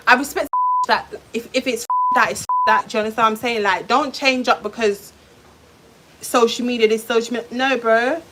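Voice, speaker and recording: A woman's voice: fairly high pitch, a bit bright. A woman on a live stream, telling her viewers a heated personal story in a blunt, swearing, direct way. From London. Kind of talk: emotional live-stream rant.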